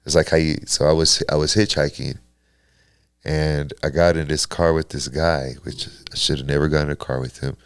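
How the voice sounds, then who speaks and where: A man's voice: rumbling low, flat delivery, fairly quick, smooth, dry recording. A man from Kentucky and South Texas hosting a podcast, swearing freely and laughing through a story. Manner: laughing, profane storyteller who acts out voices. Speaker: podcast host. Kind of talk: casual storytelling chat.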